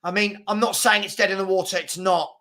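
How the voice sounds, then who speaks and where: A man hosting a live stream, chatting casually and reading viewer comments with an excitable, filler-heavy manner. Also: sits high, brisk. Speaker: livestream host reading chat.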